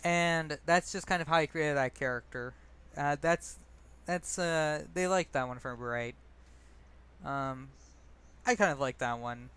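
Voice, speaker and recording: A man's voice: fairly high pitch, normal speed, a bit bright, clear, resonant tone. A young man casually telling stories and reading his own poetry, rambling and self-deprecating, with many fillers and restarts.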